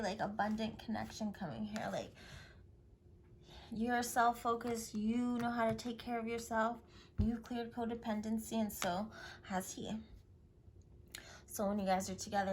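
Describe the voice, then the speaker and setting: A woman's voice: mid-range voice, steady tone, unhurried. Woman tarot reader, mid voice, effusive and affirming, hiss and clicks behind her. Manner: effusive, affirming, drifting into whispers. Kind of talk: spiritual tarot reading.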